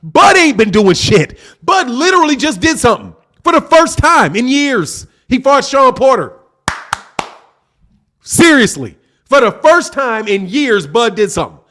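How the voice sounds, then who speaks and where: A man's voice: very high-pitched, big pitch swings, unhurried, pushed and bright. A man hosting a boxing channel, arguing heatedly in an opinion rant, profane and repeating his points for emphasis.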